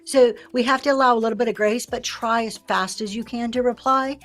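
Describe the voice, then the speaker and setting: A woman hosting a livestream, teaching sellers in a lively way and acting out the lines she quotes. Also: a little high, a little fast, soft background music. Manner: lively, acts out quoted sales talk. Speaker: live-selling host.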